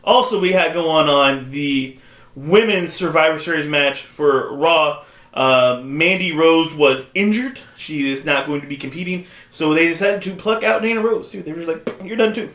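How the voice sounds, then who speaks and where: A man putting on a boastful southern-gentleman CEO with a put-on Southern drawl, co-hosting a comedic wrestling chat. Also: fairly high pitch, moderate pace, echoey room. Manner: boastful, self-important. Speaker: co-host.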